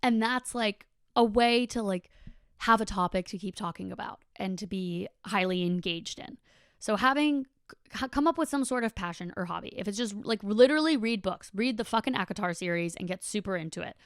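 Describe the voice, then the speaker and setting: A young woman rambles through a casual podcast monologue, peppering everything with "like" and the odd swear word. Her voice is smooth and resonant, recorded close and dry with no room sound. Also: mid-range voice, fairly quick, dry recording. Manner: chatty, frequent "like", swears casually. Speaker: podcast host.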